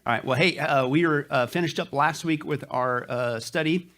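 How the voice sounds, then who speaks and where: A man's voice: a little high, moderate pace, a bit bright. A middle-aged male pastor giving jokey, folksy church announcements to his congregation, with lots of "uh" fillers. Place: church sanctuary.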